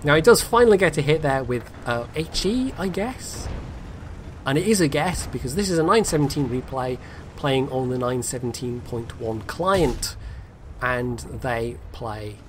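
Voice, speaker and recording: A man's voice: medium pitch, lively intonation, measured pace, a little hiss or hum. Chatty man commentating a replay. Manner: chatty, rambling with many fillers and dry asides. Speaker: game commentator.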